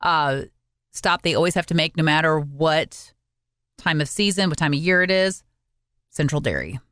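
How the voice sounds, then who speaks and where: A woman co-hosting a podcast, chiming in briskly and in a friendly way. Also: low voice, animated, a bit bright, smooth, dry recording, studio quality. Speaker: podcast co-host. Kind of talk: casual podcast chat.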